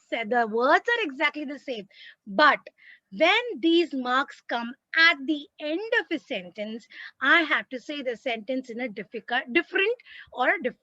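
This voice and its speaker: Indian English woman teacher on a video call, expressive, swooping high voice, dry close sound. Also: no room sound, dull audio. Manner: animated, acts out sentences with expression. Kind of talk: online grammar lesson.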